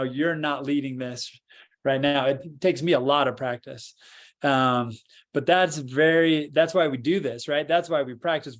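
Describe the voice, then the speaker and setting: A man co-hosting a podcast, guiding a meditation and then chatting calmly and reflectively. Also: mid-range voice. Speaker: podcast co-host. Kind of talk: guided meditation and casual talk.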